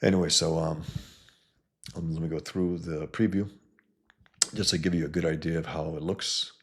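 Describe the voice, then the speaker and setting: A man's voice: extremely low pitch, steady tone, normal speed, slightly rough. A man, a comic book creator, talking casually through his own work in a review vlog, blunt and emphatic, often repeating words as he goes. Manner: blunt, emphatic, swears freely.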